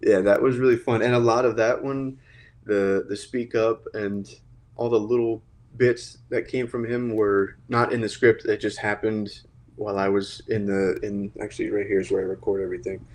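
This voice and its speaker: A man's voice: fairly low pitch, little pitch movement, moderate pace, a little mellow. Hesitant American man, lots of ums. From United States. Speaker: guest, cartoon creator. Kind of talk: casual chat. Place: home recording space.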